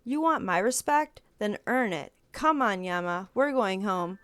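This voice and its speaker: A woman's voice: mid-range voice, measured pace, hardly any pauses, smooth, no room sound, studio quality. Bubbly woman reading a story game aloud. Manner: bubbly, giggly, animated. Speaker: game streamer. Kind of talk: reading a visual novel aloud.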